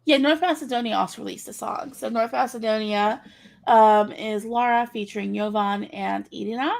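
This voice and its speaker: Woman co-host, playful and chatty, raspy vocal fry. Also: on the high side, fairly even intonation, moderate pace. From United States. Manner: playful, spins silly imagined scenarios. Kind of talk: casual chat.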